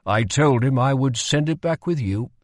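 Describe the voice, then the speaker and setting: A man voicing a measured, formal middle-aged king addressing two young men. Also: mid-range voice, expressive, no echo, clean studio sound, natural voice. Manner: formal, unhurried.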